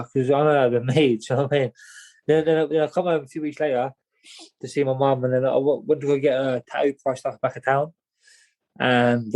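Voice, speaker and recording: A man's voice: mid-range voice, darkish tone, low-quality recording. Young man telling rambling stories. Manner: rambling, repeats words, many "mate" and "do you know what I mean". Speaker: guest, boxer. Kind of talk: casual storytelling.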